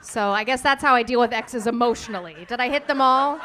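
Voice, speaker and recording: A woman's voice: a little high, a little fast, bright, forceful tone, slight background noise. A woman doing a wry stand-up comedy set on a live comedy stage.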